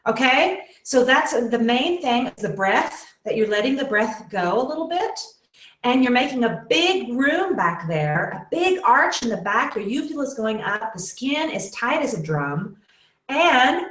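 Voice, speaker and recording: A woman's voice: a little high, sing-song, a little slow, a bit bright. A woman teaching a singing lesson in a webinar, explaining exercises and demonstrating with short sung syllables. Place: room with echo. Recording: roomy echo.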